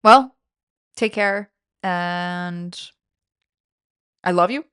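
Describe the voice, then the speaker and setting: Swearing, animated woman podcast host. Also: fairly low pitch, extremely slow, clear, resonant tone, no echo, studio quality. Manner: profane, animated, self-mocking storytelling. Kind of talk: casual comedy podcast chat.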